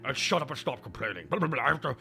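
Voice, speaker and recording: A man's voice: mid-range voice, sing-song, rapid-fire, vocal fry, pushed and bright, soft background music, full character voice. A man putting on the voice of a greedy rich boss, with a smug, whiny sneer.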